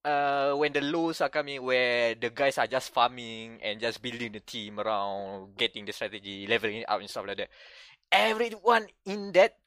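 A man co-hosting a casual gaming podcast, telling stories in an animated way with many restarts. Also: mid-range voice, no room sound, clean studio sound. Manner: animated storytelling with frequent restarts. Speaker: podcast co-host. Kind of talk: casual chat.

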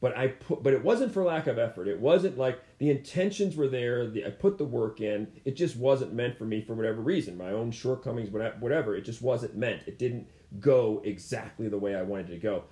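A man's voice: mid-range voice, lively intonation, fairly quick, few pauses, dark tone. A man as an interview guest, candidly telling a personal story, rambling and repeating himself with frequent "you know" fillers. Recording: roomy echo.

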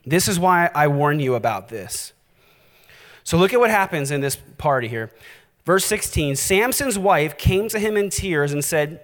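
A male pastor preaching a sermon, animated and direct, challenging his listeners. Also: high voice, unhurried, long reverb tail.

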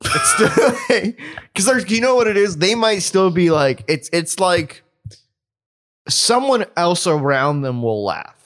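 Rambling man with a lively voice. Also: high-pitched, a little slow. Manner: rambling, full of fillers and restarts, laughs often. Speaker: podcast co-host. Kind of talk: casual chat.

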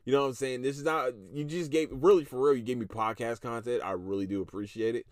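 A man's voice: medium pitch, fairly even intonation, fast talker, dry recording, studio quality. A man in his thirties hosting a solo podcast, ranting with heavy profanity and breaking into laughter. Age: 30s. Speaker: podcast host.

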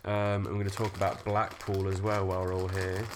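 Lower-voiced podcast host, jokey. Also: male voice, monotone, noisy background. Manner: loose, jokey, leads the talk with quick questions. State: unwell, voice softer than usual. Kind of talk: casual chat.

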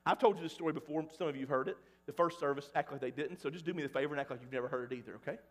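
A pastor in his forties from Mississippi preaching a sermon, dropping to a hush and then shouting at the peaks. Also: a little high, rapid-fire. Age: 40s. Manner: swings between hushed and loud, shouting at peaks. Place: church sanctuary. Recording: long church reverb.

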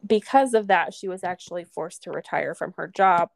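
A woman's voice: on the low side, moderate pace, vocal fry, slight background noise. A woman from the American Midwest co-hosting a podcast, chatting casually and laughing often. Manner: chatty, laughs often, fillers like "you know". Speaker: podcast co-host. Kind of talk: casual chat.

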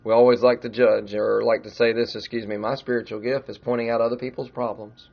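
A man's voice: medium pitch, flat delivery, brisk, creaky, lo-fi sound. A middle-aged man preaching a sermon in a conversational way, growing emphatic as he retells a story. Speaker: pastor.

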